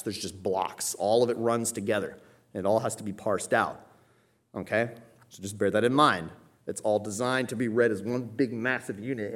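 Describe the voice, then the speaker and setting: Guy preaching a sermon, explains stuff verse by verse, keeps asking "okay?" and "right?", punches up the quotes. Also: lowish voice. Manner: stresses quoted scripture with raised emphasis.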